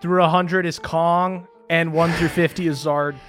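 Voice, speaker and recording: A man narrating as game master in a tabletop game. He laughs often and pads his lines with "um" and "uh", in a voice of middling pitch. Music plays faintly behind him. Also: level tone, measured pace, fairly bright tone. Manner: laughing often, many fillers.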